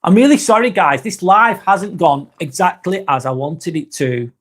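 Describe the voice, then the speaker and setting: A man's voice: high voice, moderate pace. A man hosting a live vlog, answering chat in a rambling, frank way, swearing often and restarting sentences. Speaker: host.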